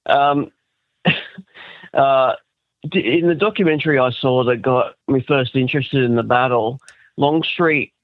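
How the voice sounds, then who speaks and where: An Australian man calls in and asks his question haltingly, full of ums and restarts. His mid-range voice sounds dull and muffled over the call line, dry with no room. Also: medium pitch, no room sound. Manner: hesitant, many fillers. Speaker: caller.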